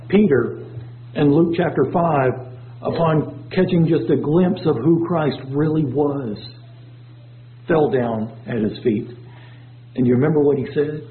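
A man preaching a sermon, his voice surging up and dropping low as he reads scripture. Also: a little slow, a little hiss or hum. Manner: preaching with sudden swells and drops in pitch. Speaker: pastor. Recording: tinny phone-like low-fi recording.

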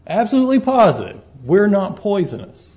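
A man's voice: sits high, wildly swooping pitch, brisk, a little mellow, pitched above the performer's own voice. A man voicing a nervous male snake who keeps anxiously asking the same question, on a dull lo-fi recording. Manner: worried, insistent questioning.

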